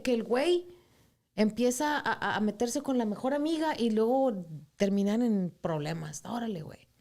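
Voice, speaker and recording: Animated woman telling stories. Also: on the high side, fairly quick. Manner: animated storytelling, switching between English and Spanish, swears freely. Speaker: guest singer-songwriter. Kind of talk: casual interview chat.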